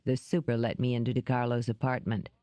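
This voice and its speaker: A woman reading an audiobook, voicing a gruff, wary man who talks in curt, dry lines. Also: mid-range voice, level tone, brisk, dark tone, dry recording, voice pushed down, natural voice.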